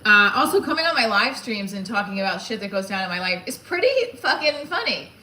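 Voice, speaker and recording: A woman's voice: medium pitch, sing-song, a little fast, sharp tone. A woman comedian talking candidly in a casual vlog, frank and rambling, swearing freely with frequent restarts. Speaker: comedian vlogging her day. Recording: echoey room with faint background noise.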